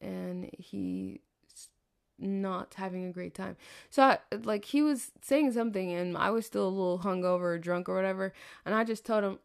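A young Southern woman rambles through a personal story in casual monologue, cursing and laughing as she goes. Her voice carries a gravelly, fried edge. She trails off, restarts and drifts between asides. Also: medium pitch, normal speed. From American South. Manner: chatty, profane, laughs often, trails off. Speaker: podcast host.

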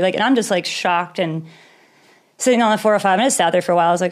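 A woman's voice: medium pitch, quick pace. A young woman casually telling a personal story in conversation, candid and rambling, with nervous laughs and the odd swear word.

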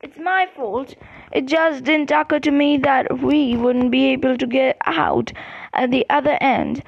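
A woman's voice: sits high, big pitch swings, measured pace, vocal fry, dry recording, highs cut off, heavily acted. A woman voicing a cheerful, fussy middle-aged wizard father who talks eagerly and apologetically. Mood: apologetic.

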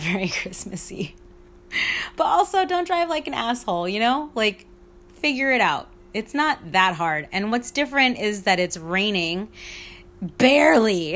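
A woman's voice: medium pitch, a bit bright. A young woman hosts her own podcast alone, talking in a loose, rambling way. She swears freely and often laughs at her own stories. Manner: rambling, profane, self-mocking, laughs often. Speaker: podcast host. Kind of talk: casual solo podcast chat.

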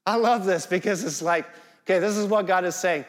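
A man's voice: high voice, brisk, big-room sound. A middle-aged man preaching a sermon in a conversational way, dropping jokey asides. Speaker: guest preacher.

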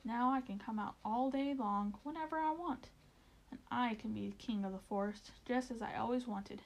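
A woman's voice: on the high side, normal speed, darkish tone, close to an everyday voice, rough recording. A woman voicing a smug, greedy male mole villain in a storybook reading, talking with his mouth full and snarling. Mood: gloating.

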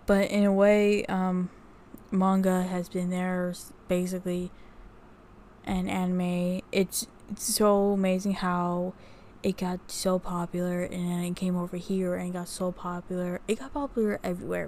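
A woman's voice: fairly low pitch, level tone, darkish tone, a little hiss or hum. A woman vlogger talking casually about what she has researched, rambling with many fillers and restarts. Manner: unhurried, reading notes off research. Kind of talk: casual talk to camera.

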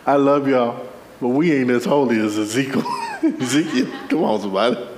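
A man preaching a sermon with a playful, animated delivery, full of laughing asides and calls to the congregation. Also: medium pitch, moderate pace, slight background noise. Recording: echoey hall.

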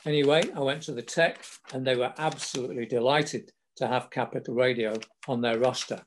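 Against slight background noise, an older southern English man recounts his working life in a chatty, anecdotal manner with little laughs. His mid-range voice keeps a steady tone and moves fairly quickly.

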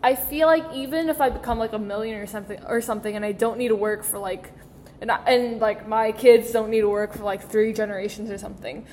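A woman's voice: a little high, steady tone, fast talker, darkish tone, in a large hall, slight background noise. A teenage girl co-hosting a student podcast in casual chat, talking with many "like" fillers. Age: teens. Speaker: podcast co-host.

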